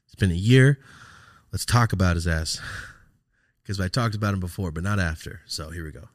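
A man with a low voice, talking at normal speed, hosts a podcast and tells a personal story. His casual storytelling chat is loose, profane and reflective, full of fillers and restarts.

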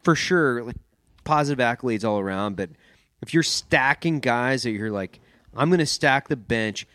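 A man's voice: animated, moderate pace, fairly bright tone, dry recording. Emphatic, profane man on a podcast. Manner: profane, emphatic, jumps between high and low. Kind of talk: casual podcast chat.

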